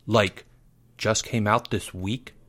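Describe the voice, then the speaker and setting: An eager, insistent schoolboy gamer, played by a male storyteller, pressing for details in a quick, keen voice that stays near the reader's own. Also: lowish voice, fairly even intonation, a bit bright.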